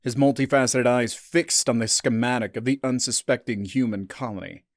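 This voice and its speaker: A man narrating a science-fiction story in a measured, subdued scripted reading. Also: mid-range voice, steady tone, no room sound, studio quality.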